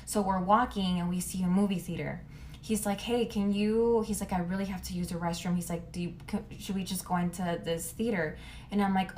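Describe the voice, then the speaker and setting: A young woman tells a storytime in a loose, rambling way, dropping curse words and "like" constantly. Her voice sits a little low, with a faint hum of room ambience behind her. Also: darkish tone. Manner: rambling, profane, lots of "like". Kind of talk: casual storytime.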